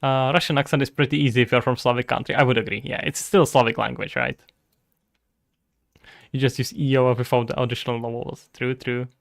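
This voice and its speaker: Czech-accented male game-dev streamer: casual, jokey, talks through his work, a bit of fry in the voice, dry sound. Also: medium pitch, flat delivery, a little fast, no echo. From Czech Republic. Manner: chatty, joking, thinking aloud. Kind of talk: casual livestream chat.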